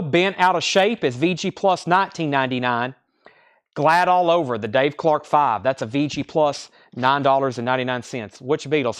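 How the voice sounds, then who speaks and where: Brisk record seller with a raised voice. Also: male voice, fairly high pitch, fairly bright tone, clear, resonant tone. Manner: brisk seller's patter, listing titles, grades and prices. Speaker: record seller hosting a live sale. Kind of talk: live online sales stream.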